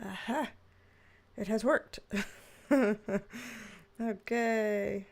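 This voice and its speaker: A woman's voice: fairly high pitch, very slow, vocal fry. Tired, chatty woman streamer. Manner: chatty, greets viewers by name, laughs often. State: tired, yawning. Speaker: tarot reader streamer. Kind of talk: casual livestream chat.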